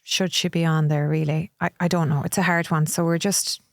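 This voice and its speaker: A middle-aged Irish woman talks through her experiences in a candid, reflective way. Her voice sits a little low for a woman, and the recording is close and dry. She now and then acts out what other people say to her. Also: level tone, fairly quick, no room sound. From Ireland. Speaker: podcast guest. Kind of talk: conversational interview.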